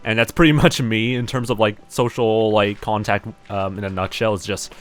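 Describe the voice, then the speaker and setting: Rambling young man, low voice. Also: steady tone, moderate pace, faint music behind. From New Zealand. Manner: rambling, self-deprecating, many fillers and restarts. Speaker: streamer. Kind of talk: casual rambling stream chat.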